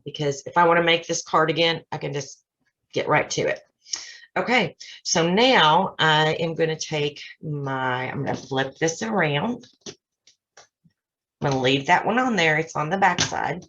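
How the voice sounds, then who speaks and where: A woman's voice: low voice, a little slow, fairly bright tone. A woman hosting a casual card-making tutorial at her craft desk, chatting her way through each step with self-deprecating asides. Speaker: craft channel host. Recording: slightly dull lo-fi sound.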